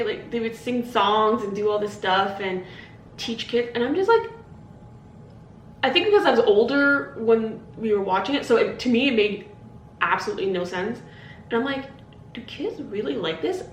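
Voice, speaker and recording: A young woman talks through a casual solo podcast, rambling from thought to thought with plenty of "like" and restarts. Her voice sits a touch high, and the room bounces it back with a light hum underneath. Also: a bit bright, distant mic. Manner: rambling, chatty, full of "like" and self-interruptions. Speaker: podcast host. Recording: echoey room, voice a bit off-mic.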